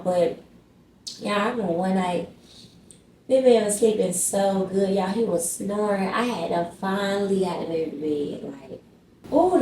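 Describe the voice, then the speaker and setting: A woman's voice: fairly low pitch, a little mellow. Woman chatting a storytime to her viewers, kinda far from the mic, echoey room, faint hum behind. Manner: chatty, talks straight to viewers, slangy. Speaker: vlogger. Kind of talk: casual storytime.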